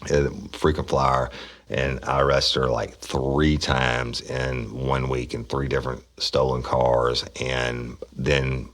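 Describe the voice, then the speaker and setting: A man's voice: rumbling low, level tone, takes it slowly. A middle-aged man, a former police officer, telling rambling, profane stories in a casual podcast. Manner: profane, rambling storyteller who acts out quotes loudly. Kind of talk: casual true-crime storytelling.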